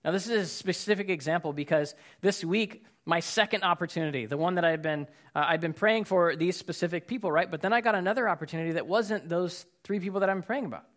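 Man, pastor, conversational sermon, earnest, fillers and restarts, somewhat high voice. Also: fast talker, few pauses, a bit bright. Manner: casual, earnest, many fillers and repeated words. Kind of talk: conversational sermon with personal stories.

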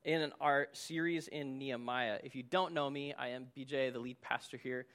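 A middle-aged man, a lead pastor, preaching a sermon and telling a lively personal story. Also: medium pitch, moderate pace, smooth. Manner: storytelling, animated, acts out shouting in the story.

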